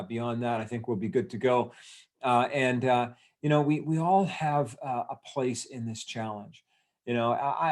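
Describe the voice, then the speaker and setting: Rallying male host of an online talk. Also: mid-range voice. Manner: energetic, rallying, asks the audience questions, many fillers. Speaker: event host. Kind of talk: motivational talk to an online audience. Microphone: video call.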